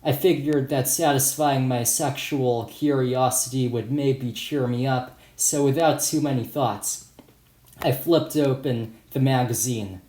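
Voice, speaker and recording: Man, first-person audiobook narration, mellow, echoey room. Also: medium pitch, steady tone, a little slow. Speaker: author and narrator. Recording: roomy echo.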